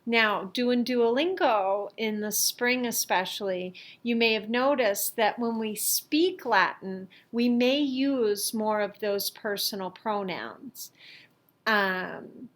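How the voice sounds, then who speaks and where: A middle-aged woman teaching a lesson, explaining slowly and carefully with the odd filler as she reviews worksheets. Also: a little high. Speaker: Latin teacher.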